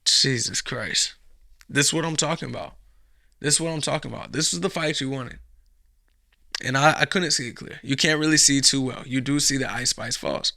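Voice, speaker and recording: A man's voice: mid-range voice, normal speed, vocal fry, bright, forceful tone, no room sound, studio quality. A man hosting a reaction show, giving blunt, profane commentary on a video clip.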